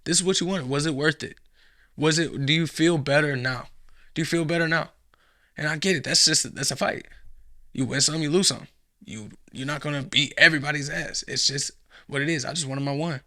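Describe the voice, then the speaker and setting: A gravelly man with a bright, forceful edge gives blunt, profane commentary while reacting to a video. He rants casually. His voice is close and dry, with no room sound. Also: fairly high pitch, fairly quick, dry recording.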